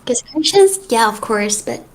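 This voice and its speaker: A woman's voice: fairly high pitch, sing-song, measured pace, slight background noise. A young woman from Finland, talking emphatically and dramatically in a casual online voice chat. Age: young adult. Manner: emphatic, dramatic, playfully indignant. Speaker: chat participant. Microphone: online voice call.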